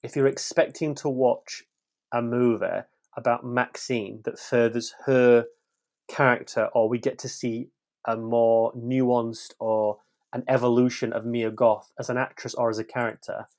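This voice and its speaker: A man's voice: mid-range voice, little pitch movement, unhurried, a little mellow. Blunt man reviewing films. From West Yorkshire, England. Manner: frank and blunt, swears freely, tumbling restarts. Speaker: film podcast reviewer. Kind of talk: casual podcast film review.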